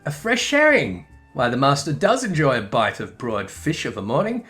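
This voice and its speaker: A man's voice: mid-range voice, wildly swooping pitch, moderate pace, a bit bright, soft background music. A man voicing a fussy household cook who chatters primly and eagerly.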